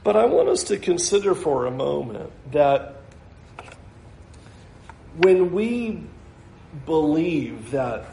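A man preaching a sermon, earnest and emphatic, voicing quoted speakers with rising pitch. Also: sing-song, slow pace, creaky, pauses often, warm tone, roomy sound, slight background noise. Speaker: pastor.

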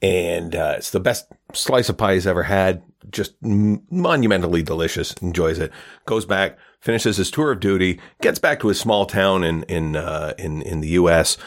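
Podcast host, male, very low voice, loose rambling joke delivery with lots of fillers. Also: normal speed. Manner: rambling storyteller, many fillers and restarts. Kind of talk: casual joke telling.

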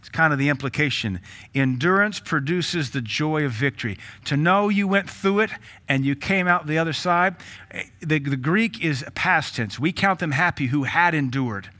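A man's voice: a little high, moderate pace, sharp tone. A man preaching a sermon as pastor, blunt and joking, with rhetorical questions and laughs between points. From Tennessee.

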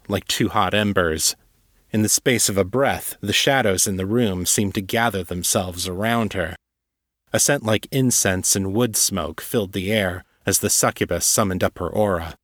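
Low-voiced man reading a story aloud. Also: measured pace, fairly bright tone, dry recording, clean studio sound. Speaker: narrator. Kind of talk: audiobook reading.

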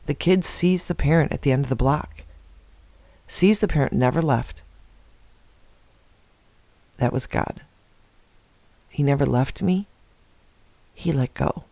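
Gravelly, earnest man telling his story. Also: on the high side, slow, pauses often, a little mellow, no room sound. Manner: earnest, heartfelt, reflective. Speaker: speaker sharing a personal faith story. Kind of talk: personal testimony.

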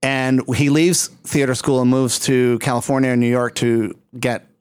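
A man's voice: medium pitch, fairly even intonation, normal speed, clean tone, no room sound. A man hosting a casual interview chat, chatty and laughing often, with plenty of fillers. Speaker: host.

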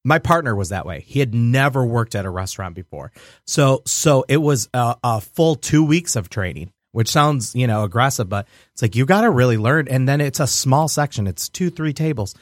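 On a radio show, a restaurant owner chats casually, telling stories with animation, acting out voices and laughing a lot. His voice is mid-range and moderately paced, captured dry with studio quality.

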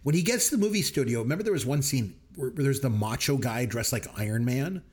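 A man with an ordinary mid-range voice talks through favorite movie moments with plain enthusiasm. He slips into quick quoted voices as he recaps each scene, keeping a casual, friendly podcast tone. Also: mid-range voice, expressive. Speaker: podcast co-host. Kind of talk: casual movie review chat.

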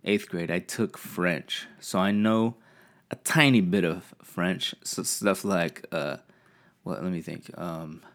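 Deep-voiced man rambling casually with profanity. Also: slow pace. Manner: rambling, profane, laid-back. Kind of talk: casual monologue.

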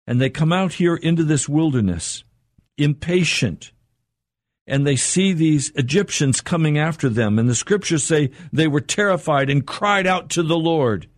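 An older man preaching an earnest radio sermon, his voice climbing higher as he presses a point. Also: animated, normal speed, no room sound, studio quality. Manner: earnest, rising in pitch for emphasis and quotes.

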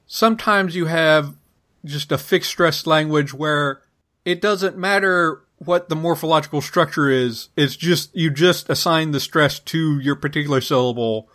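Man, podcast co-host, slow talker, hesitant, lots of fillers, casual chat. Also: a little high, a bit bright. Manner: hesitant, many fillers and restarts. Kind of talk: casual linguistics discussion.

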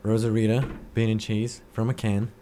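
A man's voice: lowish voice, flat delivery, normal speed, mellow, slight background noise. A young man chatting casually, rambling and joking, often playfully defensive. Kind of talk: casual chat.

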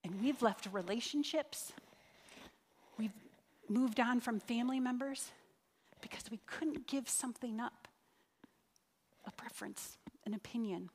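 A woman's voice: medium pitch, slight background noise. Woman preaching in a reverberant hall. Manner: earnest, drawn-out emphasis, leads the congregation in prayer. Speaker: church speaker. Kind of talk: sermon. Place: church sanctuary.

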